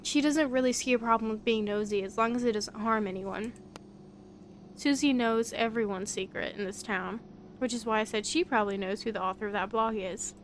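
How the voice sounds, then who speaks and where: A woman's voice: on the high side, a little fast, slight background noise, close to an everyday voice. A woman voicing a laid-back young man in a visual novel, talking in a casual, slangy, gossipy way.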